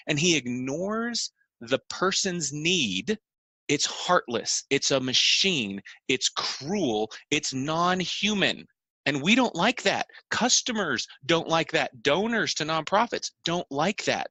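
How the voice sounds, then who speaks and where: A man's voice: on the high side, sing-song, takes it slowly, bright, forceful tone, no echo. A man on a podcast explaining his views earnestly, making his points through repeated phrases and everyday examples. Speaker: podcast co-host.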